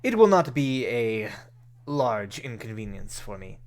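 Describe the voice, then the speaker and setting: A man voicing a courteous male noble who speaks formally and slowly, in a tabletop game. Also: medium pitch, very animated. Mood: consoling. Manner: formal, measured, slow speech.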